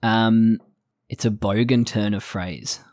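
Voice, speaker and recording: A woman's voice: rumbling low, fairly even intonation, slow, a little mellow, no echo, clean studio sound. A woman, co-hosting a podcast, talking casually and wryly about an anime and laughing at her own jokes. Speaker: podcast co-host.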